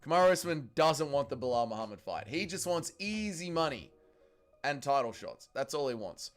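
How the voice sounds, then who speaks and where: A man with an Australian accent hosting a casual livestream, ranting in a profane, excitable way. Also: a little high, normal speed. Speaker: livestream host.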